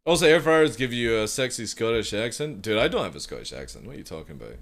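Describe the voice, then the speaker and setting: Talking fast in a fairly low, creaky, sing-song voice, this young man from the United Kingdom streams live. He rambles, swears freely, and reads chat aloud to his viewers in a casual way.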